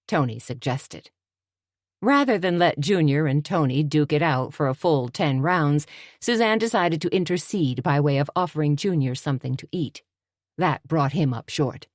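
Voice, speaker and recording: A woman narrating an audiobook in a steady, even way. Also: low-pitched, moderate pace, no echo, clean studio sound.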